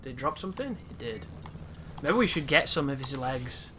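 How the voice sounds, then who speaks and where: A gaming commentator chats casually through a game, reacting live and swearing at times, in a medium-pitched, sing-song voice at a moderate pace. Loud game music plays behind him, adding background noise.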